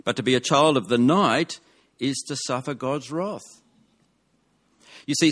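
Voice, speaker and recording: A man preaching a sermon, measured and emphatic, dropping his voice on key words. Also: on the high side.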